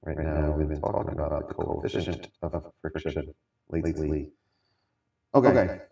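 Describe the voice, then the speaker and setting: A man livestreaming as a music producer, chatting casually and thinking aloud in a relaxed way while he adjusts his gear. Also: extremely low pitch, a little slow, vocal fry.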